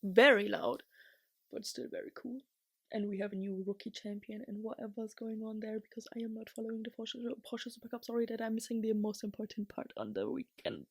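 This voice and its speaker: A young woman vlogger chatting casually and excitably, rambling, laughing often and swinging from whispers to shouts. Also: a little high, quick pace, few pauses, breathy edge, no echo, studio quality.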